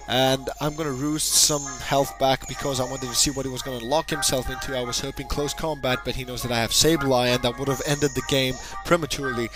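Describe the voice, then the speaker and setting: A man giving casual, rambling and jokey commentary over a game battle, breaking into bursts of excitement. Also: mid-range voice, low-quality recording. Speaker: gaming channel host. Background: background music.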